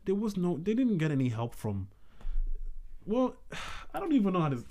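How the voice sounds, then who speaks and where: A man's voice: high-pitched, wildly swooping pitch, normal speed, darkish tone, slight background noise. A man hosting a podcast, talking in a rambling, casual way with many restarts. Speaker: podcast host. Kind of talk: casual chat.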